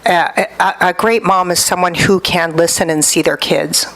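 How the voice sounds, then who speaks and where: A woman's voice: normal speed, poor audio. A middle-aged woman, a talk show guest, sharing personal stories candidly and acting out quotes in a raised voice. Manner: animated storytelling, acts out quotes in a higher voice. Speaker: guest, workshop leader.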